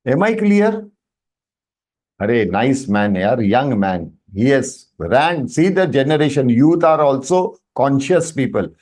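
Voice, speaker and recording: Lively Indian man teaching an online class. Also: medium pitch, measured pace. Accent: Indian English. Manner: animated explaining, often checks with "Am I right?"; mixes Hindi phrases into English. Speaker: Sanskrit teacher.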